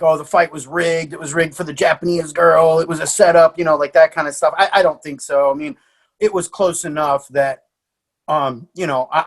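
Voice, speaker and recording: A man, a martial arts coach, telling lively stories in a podcast interview with fillers and laughs. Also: mid-range voice. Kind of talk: animated storytelling in a podcast interview.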